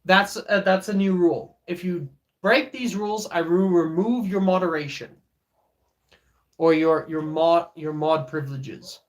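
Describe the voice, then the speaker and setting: A man's voice: sits high, measured pace. A man, streaming live in casual chat, joking and teasing viewers as he reads their messages aloud. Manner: many fillers and restarts.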